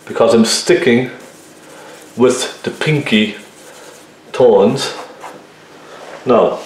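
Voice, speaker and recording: A man giving a relaxed painting tutorial, talking viewers through each step and often checking in with them as he works. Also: mid-range voice. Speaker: painting teacher. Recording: very echoey room.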